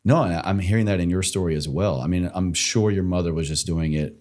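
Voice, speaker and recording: Very deep-voiced podcast host. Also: male voice, darkish tone. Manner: reflective, measured, shares advice. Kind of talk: casual interview chat.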